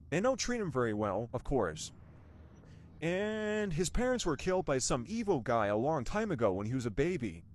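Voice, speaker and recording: A young man from the United States giving a rambling, casual movie review, full of restarts and rhetorical questions. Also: a little high.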